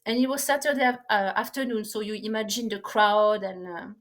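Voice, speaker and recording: A woman with a non-native English accent, a podcast guest speaking in a halting, earnest way with many restarts. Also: mid-range voice, steady tone. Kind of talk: conversational interview.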